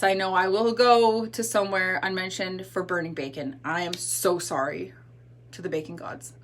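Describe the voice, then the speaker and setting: A woman in her thirties talks straight into her livestream from home, candid and self-deprecating as she tells a story. Her voice is a little hoarse because it is still recovering, and her pitch sits in the middle of the range. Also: a bit bright. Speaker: livestream host. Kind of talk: casual livestream chat. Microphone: phone or webcam livestream.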